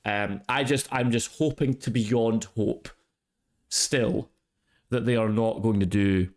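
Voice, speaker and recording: A man with a fairly low voice hosts a casual podcast chat. He talks hesitantly and often restarts his sentences. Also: steady tone, slow pace, a little mellow. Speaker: podcast host.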